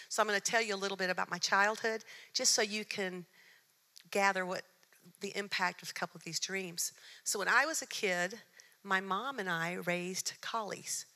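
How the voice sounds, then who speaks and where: Bright-voiced woman preaching in a reverberant hall. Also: medium pitch. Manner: storytelling, shifts between hushed and excited. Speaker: church speaker. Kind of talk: sermon with personal stories.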